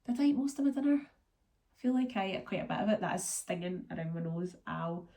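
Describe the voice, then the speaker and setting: A Scottish woman vlogger chats loosely to her camera in a low-ish, mellow voice, animated and fairly quick. Her casual vlog talk rambles along, packed with ums and likes. A cold has left her congested and run down, and it shows.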